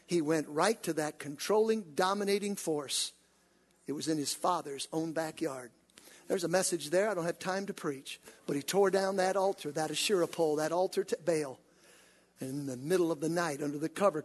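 A man preaching a sermon to his congregation, building up to shouts and calling on the church to answer. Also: high voice, expressive, moderate pace, husky. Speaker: pastor. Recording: hall reverb.

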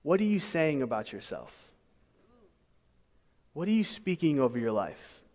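A male pastor preaching a sermon, emphatic, asking the congregation rhetorical questions and swinging between soft and loud delivery. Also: mid-range voice, big pitch swings, a little slow. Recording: long hall reverb.

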